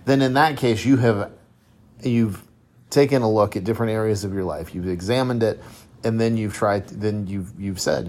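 Male podcast host, fairly low voice, reflective conversational self-help monologue. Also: normal speed, darkish tone. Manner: reflective, conversational, with frequent restarts and rhetorical questions. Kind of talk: solo motivational podcast monologue.

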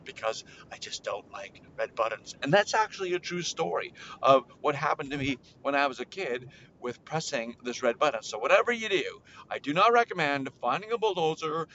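A man hosting a children's podcast, telling a silly story with playful, animated delivery. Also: fairly quick, lo-fi sound, a little hiss or hum. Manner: playful, jumps into high character voices.

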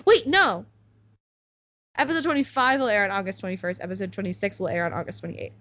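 Talking fast in a mid-range, somewhat bright voice with big pitch swings, this young American woman hosts a podcast. The chat is casual and full of "like" fillers, recorded with a slightly muffled sound.

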